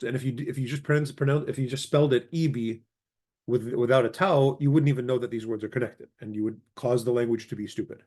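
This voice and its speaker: A man teaching a language lesson with an easygoing, conversational delivery. He stops to spell out each form and repeats the conjugations slowly and carefully. His voice sits at an ordinary, middle pitch for a man. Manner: relaxed explaining, repeats word forms slowly. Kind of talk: casual grammar lesson, reciting conjugations.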